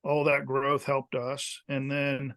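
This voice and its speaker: A man's voice: mid-range voice, takes it slowly. A man in his fifties, a former college kicker, telling casual stories as a podcast guest and acting out the coaches he quotes. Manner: animated storyteller who acts out quoted coaches. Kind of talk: casual storytelling interview.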